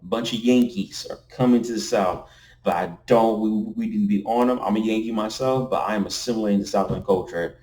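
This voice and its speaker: A man with a somewhat low voice talks straight to his camera from a room at night. He rambles loosely, restarts his phrases and keeps checking in with "you know what I'm saying". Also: brisk, darkish tone. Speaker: vlogger. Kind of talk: casual rambling vlog talk. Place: indoors at night next to window blinds. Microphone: camera facing him.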